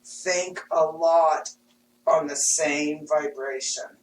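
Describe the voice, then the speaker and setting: Woman in her fifties, blunt and animated, casual chat, lowish voice, echoey room, far from the mic. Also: extremely slow. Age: 50s. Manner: frank, animated, laughs often. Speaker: intuitive reader and healer. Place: studio room. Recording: roomy, distant mic, faint hum.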